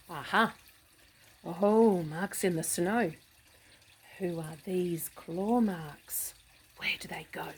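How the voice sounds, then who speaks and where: A woman reading a picture book aloud to children, animated, with gasps, hushed asides and questions to the listener. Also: on the low side, drawn-out words, long pauses, breathy edge, poor audio. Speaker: storybook reader.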